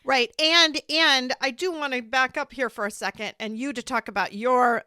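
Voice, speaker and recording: A woman hosts a podcast interview, offering gentle, supportive replies. Her voice is high and bright with a forward edge. The sound is dry and close. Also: moderate pace, smooth, dry recording. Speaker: podcast host.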